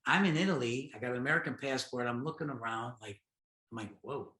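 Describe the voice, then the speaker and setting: A man's voice: medium pitch, fast talker. A middle-aged man tells stories from his life in an oral history interview, acting out the dialogue. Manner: animated, acts out his own dialogue. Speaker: interviewee, podcast host. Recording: roomy echo.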